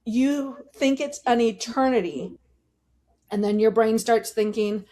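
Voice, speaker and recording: A woman vocal coach, a guest in an interview, explaining voice technique in an animated way and demonstrating it as she talks. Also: a little high, unhurried.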